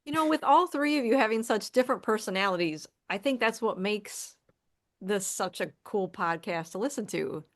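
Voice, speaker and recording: A woman's voice: medium pitch, expressive, moderate pace. A woman interviewing the hosts, speaking in a friendly, encouraging way. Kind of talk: casual chat.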